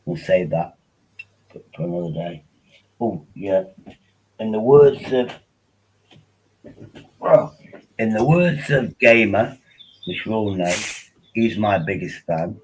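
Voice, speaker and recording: A man's voice: lowish voice, expressive, slow, pauses often, slight background noise, poor audio. A man hosting a casual livestream, rambling and joking while tipsy on wine, often repeating himself. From England. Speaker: livestream host.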